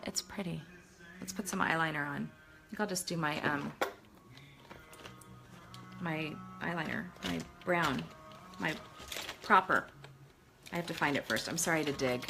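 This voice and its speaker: A middle-aged woman chatting casually through a makeup tutorial, self-deprecating and talking as she works. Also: sits low. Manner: chatty, self-deprecating, talks while working. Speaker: makeup vlogger.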